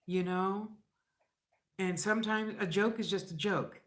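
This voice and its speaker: A woman's voice: mid-range voice, moderate pace. A middle-aged woman talking straight to camera in a blunt, rambling way, cursing freely and acting out other people's lines. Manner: blunt, profane, rambling and animated. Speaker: vlogger. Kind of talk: casual vlog monologue. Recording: echoey room.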